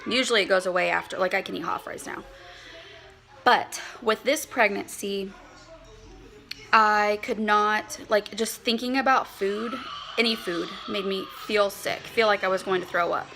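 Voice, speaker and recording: A woman's voice: medium pitch, fairly even intonation, moderate pace, vocal fry, pushed and bright, soft background music, rough recording. A woman in her thirties chatting casually to camera in a rambling way, full of fillers, slightly out of breath. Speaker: vlogger, mother of a large family.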